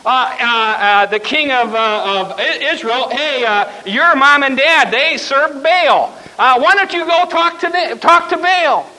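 A preacher playing an offhand unhurried prophet. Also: male voice, very high voice, animated, pushed and bright, full character voice, low-quality recording. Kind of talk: sermon storytelling.

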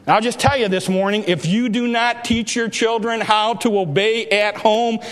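High-voiced preacher in a reverberant hall. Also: male voice, fairly bright tone. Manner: emphatic preaching with rising exhortations. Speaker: pastor. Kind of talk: sermon. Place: church sanctuary.

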